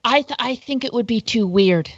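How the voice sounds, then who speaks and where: A woman's voice: on the high side, animated, moderate pace, husky, dry recording, highs cut off. A woman guesting on a casual podcast chat, candid and thoughtful.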